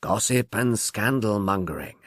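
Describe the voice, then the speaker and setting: A languid young gentleman, as a male narrator reads him drawls coolly and quizzically, a touch lower and quieter than the narration. The sound is dry and close. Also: expressive, unhurried, no room sound. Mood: sardonic.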